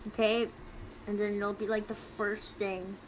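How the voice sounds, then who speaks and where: A tipsy young woman streamer chatting casually with viewers, talking quietly and rambling with giggles close to her mic. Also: mid-range voice, level tone, a little slow, slight background noise, low-quality recording. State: tipsy from drinking. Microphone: close desk mic.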